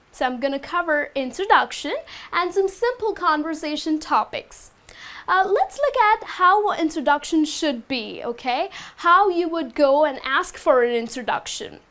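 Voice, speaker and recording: Woman, high voice, english teacher, young adult, step-by-step explaining, frequent check-ins. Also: fairly bright tone. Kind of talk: English lesson to camera.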